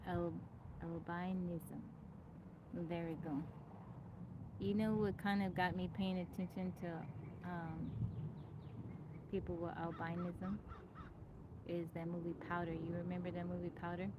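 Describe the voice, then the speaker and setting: A woman's voice: fairly low pitch, level tone, moderate pace, long pauses, noisy background. A woman hosting a casual live stream, greeting viewers by name and chatting with frequent laughs. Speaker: livestream host. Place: outdoors in nature. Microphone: phone.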